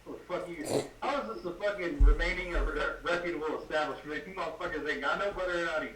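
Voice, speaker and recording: A fairly high-voiced man rants in casual podcast chat, swearing nonstop and laughing between outbursts. He sits back from the mic in a reverberant room with plenty of background noise. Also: fast talker, pushed and bright, far from the mic. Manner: heated, swears constantly, laughs while ranting. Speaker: podcast co-host. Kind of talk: casual profane ranting chat.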